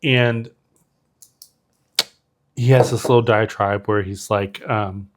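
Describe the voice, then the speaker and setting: A man with a lowish voice speaks slowly and fairly evenly as a podcast co-host. In casual movie recap chat, he retells a film scene, full of fillers and quoted lines.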